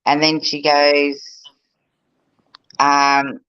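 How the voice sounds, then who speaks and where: A woman hosts a live online psychic show in a chatty, relaxed way. Her voice is bright and forceful. It sounds dry and a little dull, like close live stream audio. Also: low voice, extremely slow, clear, resonant tone, no echo. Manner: chatty, relaxed, running the segment.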